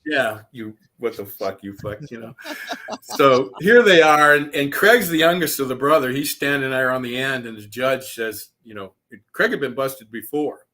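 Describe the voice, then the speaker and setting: Casting: bright, punchy male raconteur, swears freely, laughs through his stories. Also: mid-range voice, moderate pace. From Southwest Florida. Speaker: podcast guest, author. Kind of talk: storytelling interview.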